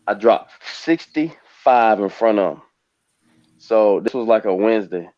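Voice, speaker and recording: On a panel, a retired American pro basketball player in his forties rambles through his life story, growing emotional. His warm voice sits on the low side and moves a little slowly; there's no echo, but the highs are cut off.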